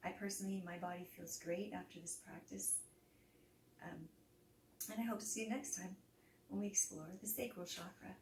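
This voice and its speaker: A woman yoga teacher talking listeners through a slow relaxation, with soft breathy cues and audible sighing exhales. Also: on the low side, steady tone, distant mic. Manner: casual, chatty wrap-up. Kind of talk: guided relaxation instruction. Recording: roomy echo, voice set back from the mic, faint background noise.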